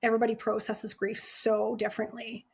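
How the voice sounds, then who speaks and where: Woman, thirties, ER nurse guest, candid storytelling, emotional, filler-heavy, fairly high pitch. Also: brisk, creaky, husky. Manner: emotional, animated retelling with many "like" fillers.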